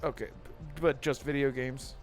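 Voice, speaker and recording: A man's voice: mid-range voice, flat delivery, normal speed. A man hosting a casual gaming podcast, talking in rambling stretches and thanking viewers in chat. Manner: rambling, with restarts and chat shout-outs. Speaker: podcast host. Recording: faint music behind.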